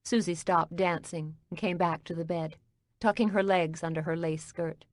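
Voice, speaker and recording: Woman reading a mystery audiobook, lowish voice, calm and even, dry close mic. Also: normal speed, dry recording. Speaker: audiobook narrator. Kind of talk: scripted audiobook narration.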